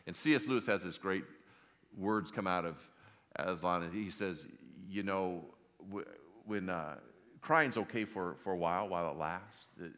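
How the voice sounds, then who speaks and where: A man preaches, telling a story in an animated way and often repeating words as he goes. His voice is low yet bright and forceful. A long hall reverb hangs behind him. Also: moderate pace. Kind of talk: sermon storytelling.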